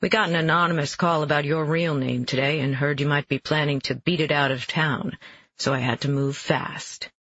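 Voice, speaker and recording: Brief: male narrator doing a laconic middle-aged detective, slow dry drawl, husky, slightly high, dull lo-fi sound. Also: fairly even intonation, sharp tone.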